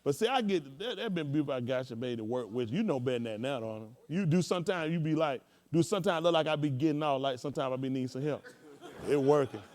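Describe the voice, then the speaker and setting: Teasing pastor with a higher voice. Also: male voice, lively intonation, fast talker, darkish tone. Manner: joking, teasing, rambling with folksy slang. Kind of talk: comedic roast from the pulpit.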